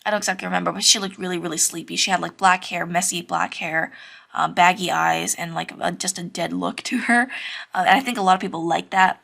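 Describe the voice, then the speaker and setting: A young woman talks through a drawing tutorial in a casual, rambling way, full of fillers and shy little laughs. Her voice sits somewhat low and has a bright tone with noticeable vocal fry. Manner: chatty, many fillers, giggly and self-conscious. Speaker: drawing teacher.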